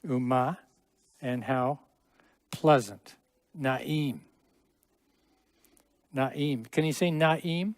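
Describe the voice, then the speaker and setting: A man's voice: on the high side, slow pace, pauses often, no room sound. Chatty middle-aged man teaching a class. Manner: chatty, explains with asides and jokes. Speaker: Hebrew teacher. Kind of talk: classroom lesson.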